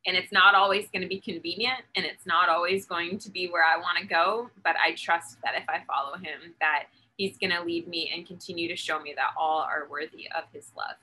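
Bright-voiced earnest woman telling stories. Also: on the low side, fairly even intonation, brisk, hardly any pauses, slight background noise. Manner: earnest, acts out her own lines in a raised voice. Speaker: founder of an outreach ministry, guest. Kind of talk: faith interview, storytelling. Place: Texas.

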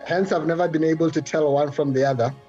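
A man's voice: on the high side, steady tone, quick pace, dark tone, lo-fi sound, soft background music. A man from South Africa, a guest poet joining remotely, easygoing and chuckling in casual chat. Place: Johannesburg, remote.

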